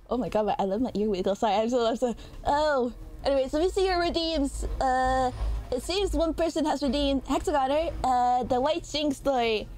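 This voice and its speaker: A woman's voice: high voice, darkish tone. A woman streamer in casual livestream chat, playful and rambling, often correcting herself mid-sentence.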